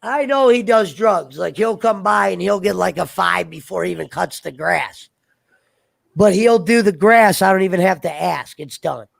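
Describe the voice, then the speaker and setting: A man's voice: high-pitched, moderate pace, creaky. A man hosting a casual chat, rambling bluntly through stories.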